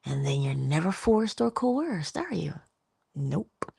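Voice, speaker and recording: A woman hosting an inspirational morning livestream, musing and affectionate, drifting between hushed asides and bursts of laughter. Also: sits low, big pitch swings, slow, creaky, slightly rough, no echo. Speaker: livestream host. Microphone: livestream mic.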